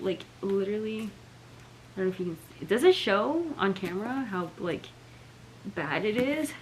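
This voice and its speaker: In a mid-range voice, a young woman unboxes books for her casual vlog at home, clearly disappointed, peppering her speech with "like" and "oh my gosh." She's a book vlogger. The recording is low quality, with slight background noise.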